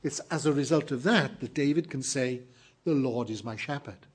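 A man preaching a morning sermon to his congregation, earnest and emphatic, slowing down to stress key phrases. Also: medium pitch, husky. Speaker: pastor.

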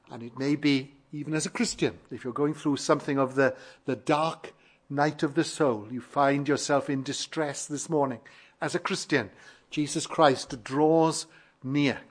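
A man preaching a sermon, emphatic and fervent, building repeated phrases in a measured cadence. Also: medium pitch. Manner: fervent, emphatic, swells louder on key phrases.

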